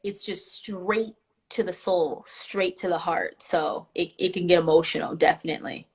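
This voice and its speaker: A woman's voice: on the low side, fairly even intonation, moderate pace, husky. Guest, woman, spiritual healer, heartfelt and emotional delivery, video call. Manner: emotional and warm-hearted, speaks in spiritual terms. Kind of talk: casual interview talk.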